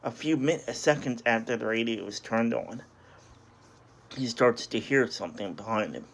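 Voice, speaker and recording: A man's voice: mid-range voice, vocal fry, slight background noise. A man casually recapping a story, hesitant and apologetic, with many restarts and self-corrections. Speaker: video reviewer.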